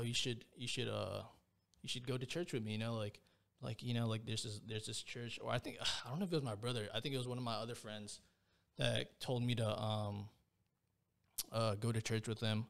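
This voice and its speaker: A young man, a podcast guest, telling a personal story in a casual, rambling way, full of slang fillers. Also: fairly low pitch. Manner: slangy, rambling, peppers speech with "bro" and "like".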